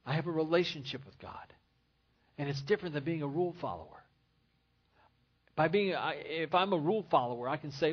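Husky-voiced man preaching a sermon. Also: on the high side, animated, a little fast, long pauses, muffled recording. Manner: earnest preaching with repeated phrases. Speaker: pastor.

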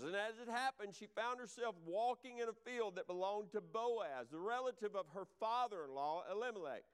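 A male pastor, preaching a sermon to a church congregation. He swings between loud, proclaimed lines and quiet, chatty asides. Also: high-pitched, smooth. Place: church sanctuary.

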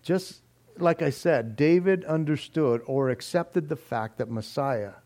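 Slow-speaking, earnest man preaching a sermon. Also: fairly high pitch, a little mellow. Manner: earnest, emphatic teaching with scripture reading. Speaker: pastor. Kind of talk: expository sermon.

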